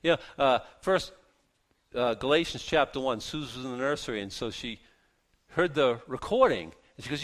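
A man preaching a sermon, zealous and animated, trying to keep his voice soft, with many restarts. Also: medium pitch, a little fast. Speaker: pastor.

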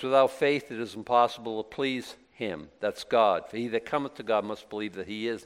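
A man giving a sermon as pastor, conversational and emphatic, asking questions and answering them himself. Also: mid-range voice. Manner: conversational, rising to emphatic bursts then dropping soft.

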